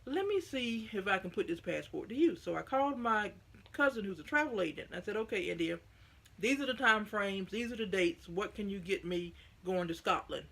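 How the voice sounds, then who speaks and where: Middle-aged Southern woman vlogger, gravelly, folksy, rambling chat to camera. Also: medium pitch, lively intonation, normal speed, fairly bright tone. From United States. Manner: chatty and folksy, rambling asides.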